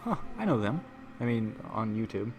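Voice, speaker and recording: A man's voice: fairly low pitch, sing-song, normal speed. A man hosting a live stream in casual chat, rambling and making self-mocking jokes. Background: music playing.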